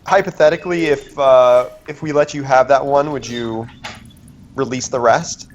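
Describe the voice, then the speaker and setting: A man at a tabletop game bargains in character, hesitating often and filling pauses with um and uh. His voice is mid-pitched and plain. A faint hiss sits behind him. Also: steady tone, muffled recording. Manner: hesitant, negotiating, many fillers. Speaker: player.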